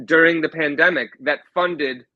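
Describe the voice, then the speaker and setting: Guest author type, man, high and bright, lively storyteller, dry close sound. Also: dry recording, narrow, tinny audio. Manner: animated storyteller, quick restarts. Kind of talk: casual anecdote telling.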